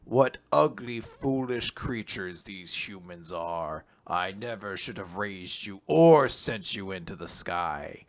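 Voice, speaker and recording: A man voicing a cold, grandiose male robot demon lord, with slow, menacing declarations. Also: sits low, expressive, voice pushed down, exaggerated voice.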